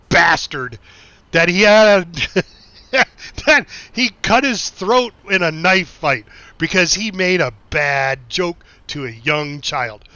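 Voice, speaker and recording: Bright-voiced rambling American streamer man. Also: fairly high pitch, no echo. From United States. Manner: rambling anecdotes, frequent swearing and laughing asides. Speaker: game streamer reading chat. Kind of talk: casual live-stream chat and storytelling. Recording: dull lo-fi stream mic, dry.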